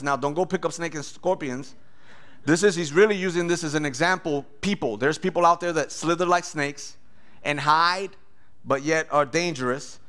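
Male pastor, animated preacher, slightly high voice, loud bursts when acting out voices. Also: normal speed. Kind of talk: sermon with testimony.

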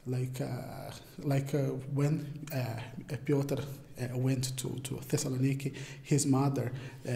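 A man's voice: medium pitch, creaky, dark tone. A young Brazilian man with a Brazilian Portuguese accent and Portuguese as his first language, answering interview questions in English in a hesitant way, often searching for words. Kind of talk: casual interview talk. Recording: roomy echo.

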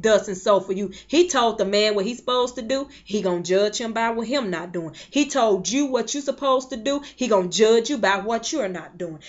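A woman delivers a sermon with passion, her bright, sharp voice sitting a little high. She swings between loud, rising praise and quiet, low asides, sometimes slipping into tongues. The recording sounds dull and lo-fi. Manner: impassioned preaching with sudden loud swells and soft drops; speaks in tongues between phrases. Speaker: preacher.

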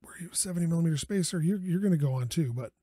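A man's voice: fairly high pitch, very fast, warm tone, breathy edge, dry recording. A man giving casual commentary over a game, muttering to himself and talking to the parts he works on, with exasperated outbursts and self-soothing. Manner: talks to the game objects. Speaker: gaming YouTuber.

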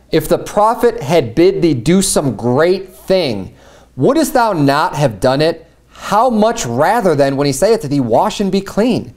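A man with a fairly high speaking voice preaches a sermon with animated energy. He reads scripture aloud and briefly acts out the people in the story as he goes. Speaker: pastor.

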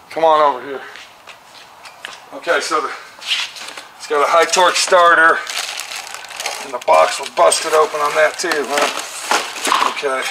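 A man's voice: fairly high pitch, noisy background. A man hosting a vlog at his car shop, ranting angrily and cursing in exasperation, with music playing under his voice. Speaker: mechanic and channel host. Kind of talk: casual vlog walkthrough.

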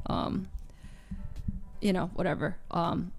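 A woman streamer making an emotional confession to her audience. She talks haltingly, restarting phrases and filling gaps with nervous little laughs. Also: mid-range voice, music in the background. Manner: halting and searching, with many restarts and fillers.

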